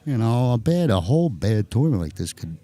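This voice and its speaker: A man's voice: medium pitch, brisk. A man with a New Jersey accent giving chatty, joking live commentary on a pool match. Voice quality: animated, jokey, chatty.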